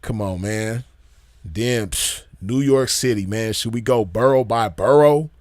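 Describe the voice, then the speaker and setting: A man hosting a gaming channel, chatting casually in an excited, slangy, profane way and repeating himself often. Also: on the low side, measured pace, dry recording, clean studio sound. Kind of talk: casual chat.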